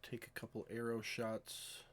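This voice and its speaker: A man acting as game master, calmly narrating and giving matter-of-fact rulings in an online tabletop game. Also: medium pitch, measured pace.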